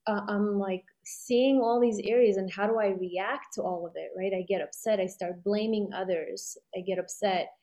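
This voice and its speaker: A middle-aged woman talks through a personal story at an ordinary pitch. She rambles and reflects aloud, leaning on fillers as she goes. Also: steady tone, moderate pace, hardly any pauses, dark tone. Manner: rambling and reflective, many fillers, laughs often. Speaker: guest sharing a personal story. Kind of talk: casual conversation.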